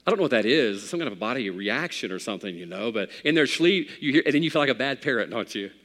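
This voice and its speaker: A man preaching a sermon as pastor, swinging from hushed, quiet passages to loud, fervent outbursts. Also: medium pitch, expressive, fast talker. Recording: long hall reverb.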